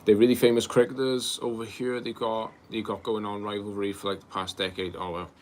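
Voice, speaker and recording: A man's voice: lowish voice, fairly quick, a little hiss or hum. Laid-back man chatting live. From Wales. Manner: reads out viewer comments, relaxed, calls people bro. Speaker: livestream host. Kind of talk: casual live chat answering viewers.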